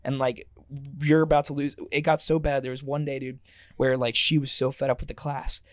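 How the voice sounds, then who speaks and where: Animated young man telling stories. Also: mid-range voice, a little fast, dry recording, studio quality. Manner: animated storyteller, swears freely, acts out quotes. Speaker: podcast host. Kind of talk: casual chat.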